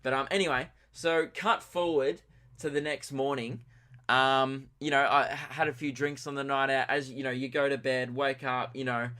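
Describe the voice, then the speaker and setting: A man's voice: mid-range voice, flat delivery, normal speed, sharp tone. Australian man rambling through a comic story. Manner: rambling, chuckling, self-mocking. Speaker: podcast host. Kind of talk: comedic storytelling monologue.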